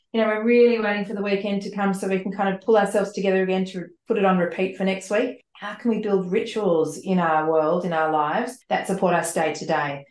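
A woman's voice: mid-range voice, darkish tone. A woman who is a leadership coach and author, answering podcast questions earnestly in long, flowing explanations and repeating words as she thinks. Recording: roomy echo.

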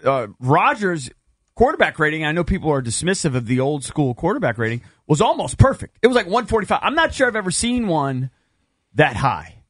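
Animated man in sports chat. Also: fairly high pitch, fairly quick, slightly rough, no echo, studio quality. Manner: animated, talks over others.

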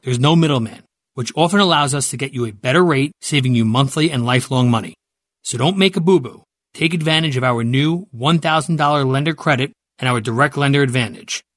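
A man's voice: medium pitch, a little fast, a bit bright, dry recording, clean studio sound. A man reading his own company's radio ad in a friendly, persuasive way. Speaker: mortgage company spokesman. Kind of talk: scripted radio ad.

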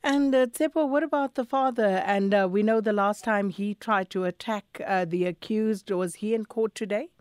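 Woman news anchor asking the reporter questions, calm and even. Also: mid-range voice, moderate pace, hardly any pauses, clear, resonant tone, no room sound, clean studio sound. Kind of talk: studio news interview.

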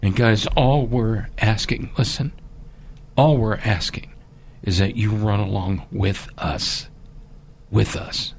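A man telling an emotional story in halting bursts, then pleading urgently in a fundraising appeal. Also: on the low side, fairly even intonation, a little hiss or hum. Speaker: charity appeal guest.

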